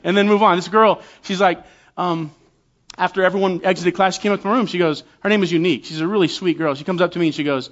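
A man in his forties gives a sermon in a relaxed, conversational way, joking at his own expense and often restarting his sentences. His voice sits high for a man. The recording is dull and lo-fi. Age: 40s. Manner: conversational and self-deprecating, with quick restarts. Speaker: guest preacher, church elder. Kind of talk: sermon with humorous stories.

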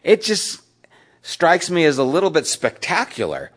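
A pastor preaching a sermon in a conversational way, asking his listeners questions and swinging between loud emphasis and soft, low asides. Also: huge pitch swings, measured pace, soft background music. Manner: conversational, asks the audience questions.

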